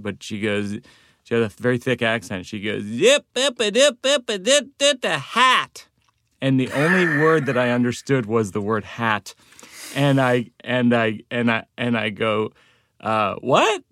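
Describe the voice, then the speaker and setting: A man's voice: fairly low pitch, a bit bright, no echo, clean studio sound. A man hosting a podcast, telling a wry, self-deprecating story. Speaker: podcast host. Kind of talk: casual conversation, storytelling.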